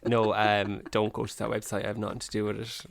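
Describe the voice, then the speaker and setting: A man's voice: fairly low pitch, completely flat delivery, quick pace, vocal fry, no room sound. A man co-hosting a podcast, teasing and sarcastic in casual banter. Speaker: podcast co-host.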